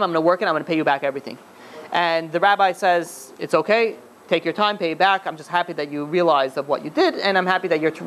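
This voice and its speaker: A man, a rabbi, telling a story to a group in a sermon, acting out the characters in an animated way with many restarts. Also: fairly high pitch, a little hiss or hum.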